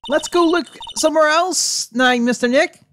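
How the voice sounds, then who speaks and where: A woman voicing an excitable, clingy little girl who squeals with eagerness, with game music behind. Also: high-pitched, moderate pace, slight background noise, voice pushed up. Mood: eager.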